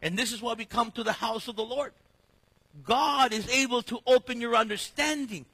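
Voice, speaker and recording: A man preaching a sermon with lively delivery, jumping between loud emphasis and hushed, slow lines. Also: very high voice, slightly rough. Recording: echoey hall reverb.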